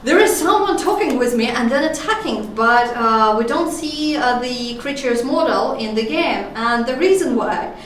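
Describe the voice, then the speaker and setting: A woman's voice: fairly high pitch, expressive, normal speed, hardly any pauses, a little hiss or hum. A woman, a Russian speaker, speaking as a game designer guest on a casual stream, hesitant with many fillers and restarts. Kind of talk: casual dev stream chat. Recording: echoey room, distant mic.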